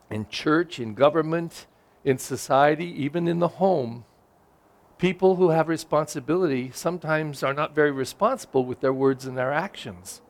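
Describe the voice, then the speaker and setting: Animated priest preaching. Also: male voice, on the high side. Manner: animated, acts out quotes and exclamations. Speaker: pastor. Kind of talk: sermon.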